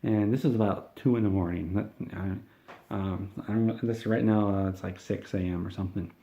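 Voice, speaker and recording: A man telling a rambling, deadpan comedic story, meandering and halting with frequent restarts. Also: fairly low pitch, dull audio.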